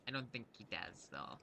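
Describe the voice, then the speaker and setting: A man's voice: medium pitch, gravelly, bright, forceful tone, slight background noise. A man giving casual, joking let's-play commentary on a game, self-mocking and laughing often. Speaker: game streamer.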